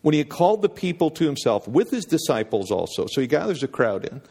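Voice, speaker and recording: A man's voice: a little high, very animated, fast talker, vocal fry, a little mellow, breathy edge, big-room sound. A man preaching a sermon, earnest and conversational, often repeating words as he builds toward a point. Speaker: pastor.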